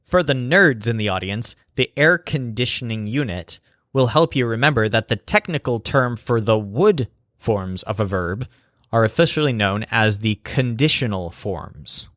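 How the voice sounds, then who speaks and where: A man narrating a scripted language lesson as teacher, slowing down to spell out example phrases. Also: mid-range voice, lively intonation, a bit bright, no room sound, studio quality.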